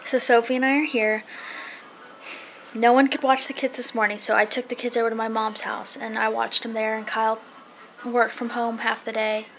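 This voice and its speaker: A young woman chatting casually to a handheld camera at home, telling an animated story for her family vlog. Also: a little high, normal speed, faint music behind. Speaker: family vlogger. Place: house being painted, indoors.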